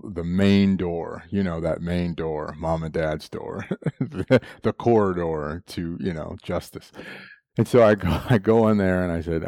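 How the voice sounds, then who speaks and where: A man's voice: deep voice, a little mellow, no echo. A man preaching a sermon, telling a personal story with frequent laughs and moments of emotion.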